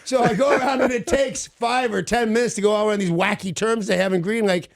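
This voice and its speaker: A man's voice: quick pace, vocal fry, no echo, studio quality. A man hosting a radio show, telling a story with lots of energy, laughing at himself and acting out every quote in a jumpy voice. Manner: excitable, self-mocking, acts out quotes with big pitch jumps. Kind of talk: animated storytelling chat.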